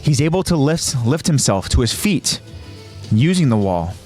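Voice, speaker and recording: A man hosting a podcast, narrating an episode recap in a casual tone and jumping into quoted lines with a raised, shouting voice. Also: medium pitch, sing-song, normal speed, soft background music.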